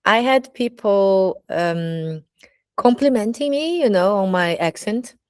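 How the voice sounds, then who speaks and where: A woman's voice: mid-range voice, animated, slow, clean tone, dry recording, studio quality. A woman with a Brazilian accent, a burlesque teacher speaking candidly in a casual personal monologue, full of "you know, like" fillers.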